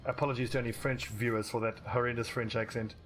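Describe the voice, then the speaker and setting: A man's voice: medium pitch, level tone, fast talker, fairly bright tone, soft background music. A man giving casual, rambling commentary while playing a strategy game, swearing casually and restarting his sentences. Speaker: let's play commentator.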